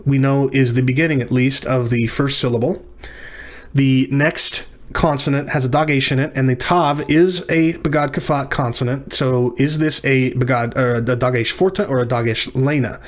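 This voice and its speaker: A man teaching a lecture on syllabification, working through words methodically and correcting himself as he goes. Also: medium pitch. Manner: methodical, self-correcting explanations.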